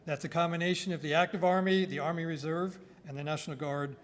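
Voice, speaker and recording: A man with a New York accent, an army officer giving a formal ceremonial address in a measured, projecting way into a microphone. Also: a little high, fairly even intonation, big-room sound. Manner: projecting, measured delivery with listed phrases. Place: indoor government building hall. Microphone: speaking into a microphone.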